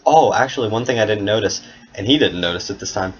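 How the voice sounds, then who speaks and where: Low-voiced man running a tabletop game. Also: quick pace. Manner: casual, swearing, laughs at his own story. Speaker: game master. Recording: dull lo-fi sound with noise.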